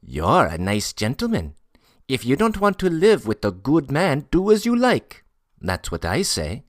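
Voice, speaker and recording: A man's voice: wildly swooping pitch, unhurried, no room sound, studio quality. A man voicing a sly, impudent male Tatar porter who talks in an emphatic, mysterious way. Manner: high, emphatic, pleading and mysterious.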